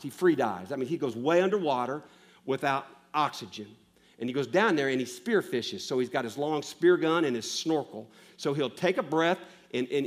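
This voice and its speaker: High-voiced impassioned male preacher. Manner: impassioned, swinging from loud emphasis to hushed lows; repeats lines for emphasis, asks the listeners questions. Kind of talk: sermon.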